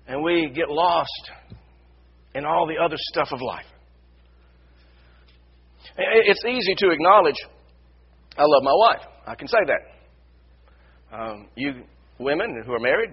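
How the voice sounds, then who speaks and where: Husky-voiced preacher delivering a sermon. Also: male voice, a little high, dull audio. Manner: repetitive, builds to shouted emphasis. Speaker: pastor. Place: church sanctuary.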